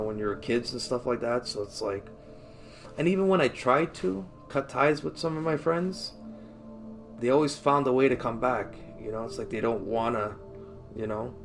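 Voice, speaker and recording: A man livestreaming and chatting casually with viewers, rambling with many fillers and casual swearing. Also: medium pitch. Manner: rambling, filler-heavy, lots of "like" and "you know". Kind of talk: casual chat with stream viewers.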